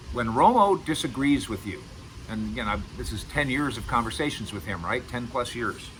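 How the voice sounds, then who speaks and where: A man's voice: on the low side, sharp tone, a little hiss or hum, rough recording. A middle-aged man giving casual sports commentary to camera as host, emphatic and repeating words for stress. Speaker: sports radio and video host.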